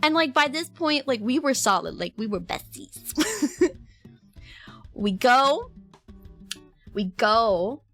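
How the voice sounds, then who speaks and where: Slow-talking, high-voiced young woman streamer. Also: faint music behind. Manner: animated, laughing often, breaking into high squeals. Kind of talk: casual storytelling to a stream.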